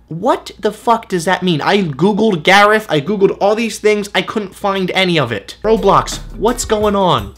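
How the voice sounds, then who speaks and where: A man's voice: high-pitched, expressive, moderate pace, hardly any pauses, a bit bright, soft background music. A man vlogging and reading comments aloud in a sarcastic, exasperated way. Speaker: YouTube vlogger.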